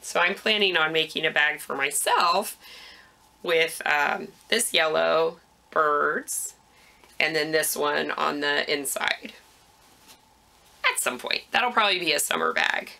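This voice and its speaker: A woman's voice: low voice, takes it slowly, gravelly, bright, forceful tone. A woman hosting a knitting podcast, chatting casually about her projects with frequent ums, a little out of breath.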